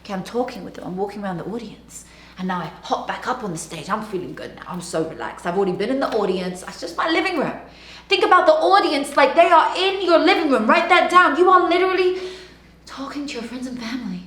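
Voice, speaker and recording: Woman, motivational speaking coach, high voice, loud-to-whisper dynamics, roomy echo. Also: fast. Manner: dramatic swings between loud emphasis and hushed whispering; energetic, direct address to the viewer. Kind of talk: motivational teaching monologue. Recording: echoey room with faint background noise.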